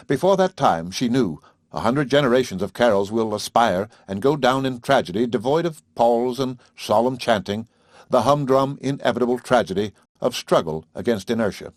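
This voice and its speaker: A man narrating an audiobook of a classic novel in a measured, clear way. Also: medium pitch, lively intonation, no echo, clean studio sound.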